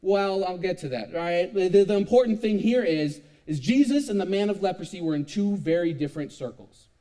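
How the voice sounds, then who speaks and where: High-voiced young man telling a story. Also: fairly quick. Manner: animated, self-mocking storytelling with frequent laughs. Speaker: youth speaker. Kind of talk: storytelling sermon.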